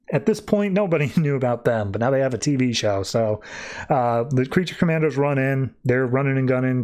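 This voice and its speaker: A man's voice: mid-range voice, a little mellow. A man hosting a podcast, loosely retelling comic book scenes in casual chat, with lots of "like" and paraphrased lines. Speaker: podcast host.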